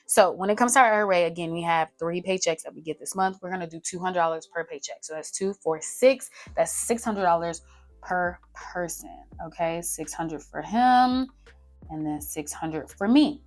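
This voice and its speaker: A young woman chatting casually to her viewers as she works out a budget on paper, counting figures out loud. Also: fairly low pitch, moderate pace. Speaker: budgeting vlogger. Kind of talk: casual talk-through while writing a budget. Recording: faint music behind.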